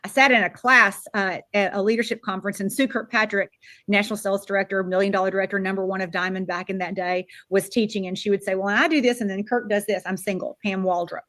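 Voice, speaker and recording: Older woman telling an animated story. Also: mid-range voice, quick pace. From Florida. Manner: animated, acts out quoted dialogue. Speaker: sales director giving a keynote talk. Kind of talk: motivational storytelling speech.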